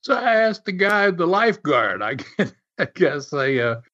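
Rambling man, lively voice. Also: high-pitched, normal speed. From United States. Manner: animated, rambling, chuckles often, many fillers. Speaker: storyteller. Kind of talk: casual spoken anecdote. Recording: muffled lo-fi recording.

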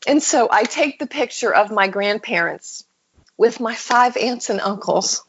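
An American woman appears as a podcast guest, speaking a little slowly in a fairly high voice over dull audio with a slight hiss or hum. She recounts a personal story in an interview, an animated storyteller who acts out the voices of those she quotes.

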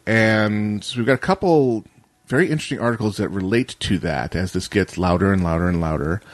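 A man with a lowish voice hosts a casual tech news show. He rambles wryly through stories and tosses in jokey asides. The sound is dry and close. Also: fairly quick, no echo. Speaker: podcast co-host.

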